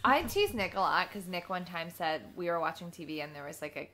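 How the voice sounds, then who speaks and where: A woman's voice: on the low side, expressive, fairly quick, bright, forceful tone, a little hiss or hum. A woman co-hosting a podcast in casual chat, sarcastic and swearing freely. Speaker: podcast co-host.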